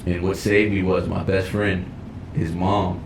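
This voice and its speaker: A young man on a podcast, telling a high school story in a casual, profane way and acting out the voices of people in it. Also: a little slow, noisy background. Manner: animated, profane, acts out voices in his stories. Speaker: podcast co-host.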